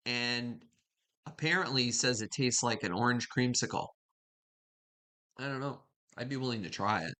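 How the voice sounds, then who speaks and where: A woman's voice: very deep voice, normal speed, fairly bright tone. A woman hosting a live stream from home, chatting casually with viewers and greeting them by name. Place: home kitchen.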